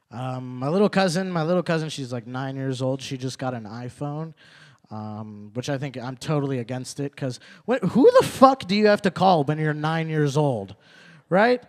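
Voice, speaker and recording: A man's voice: mid-range voice, lively intonation, normal speed, a little mellow. A young man performing a stand-up comedy set in a small live venue, chatting with the crowd and repeating his punchlines. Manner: conversational, asks the crowd questions, repeats punchlines.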